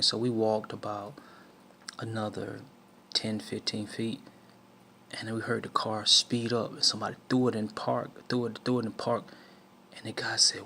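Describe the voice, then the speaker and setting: Gravelly man telling a faith testimony. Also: lowish voice, level tone, moderate pace, pushed and bright, a little hiss or hum. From southern United States. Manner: storytelling with many restarts and fillers, acts out quotes. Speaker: speaker sharing a life lesson. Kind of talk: personal testimony, preaching tone.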